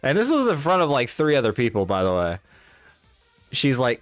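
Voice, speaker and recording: A man's voice: medium pitch, lively intonation, moderate pace, a bit bright, clear, resonant tone, no echo. A young man streaming a game with friends, chatting casually and telling rambling stories full of "like" and "you know". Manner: coaxing baby talk to his dog, rambling anecdotes full of fillers. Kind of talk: casual stream chat and storytelling.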